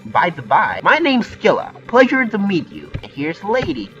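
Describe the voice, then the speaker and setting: A man's voice: high voice, huge pitch swings, moderate pace, sharp tone, muffled recording, soft background music, pitched above the performer's own voice, heavily acted. A man reading the lines of a kindly older female troll homesteader from a visual novel game, in a folksy, motherly, welcoming manner.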